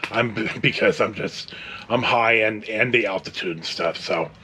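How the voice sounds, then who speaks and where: A man's voice: on the low side, unhurried, bright, forceful tone, slight background noise. A middle-aged man hosting his own show, telling a story in a casual, rambling way with lots of fillers and restarts, and chuckling now and then. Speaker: host.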